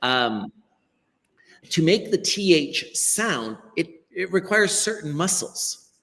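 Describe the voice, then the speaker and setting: Animated American man teaching pronunciation. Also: on the high side, takes it slowly, long reverb tail. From United States. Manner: encouraging, explanatory, acts out quoted remarks. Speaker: ESL teacher, guest. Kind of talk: live-stream interview. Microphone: laptop webcam on a video call.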